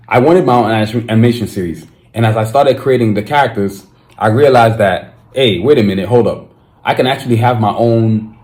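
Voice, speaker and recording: A young man hosting his own podcast, talking casually and excitedly, with slang and frequent restarts. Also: on the low side. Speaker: podcast host. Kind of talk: casual solo podcast monologue.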